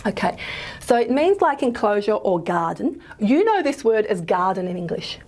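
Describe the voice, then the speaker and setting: A woman's voice: medium pitch, big pitch swings, normal speed, a little mellow. A woman lecturer, giving a linguistics lecture in a chatty way, often stopping to correct herself. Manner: chatty, self-correcting, many fillers. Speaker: university lecturer.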